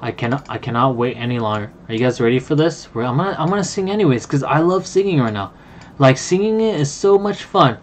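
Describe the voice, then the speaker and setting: A card game streamer chatting casually on a live stream, excitable and quick to apologize to viewers. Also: mid-range voice. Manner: excitable, apologetic, talks to chat.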